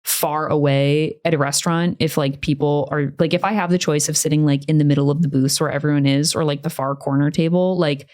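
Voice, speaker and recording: A woman's voice: low-pitched, fairly even intonation, brisk, hardly any pauses, darkish tone. A woman co-hosting a podcast in casual chat, rambling and wry, with many fillers. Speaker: podcast co-host.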